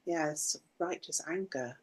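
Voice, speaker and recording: A woman's voice: low-pitched, a little slow, husky, low-quality recording. A woman, a client in a casual talk, reflecting aloud on her feelings. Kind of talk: casual conversation.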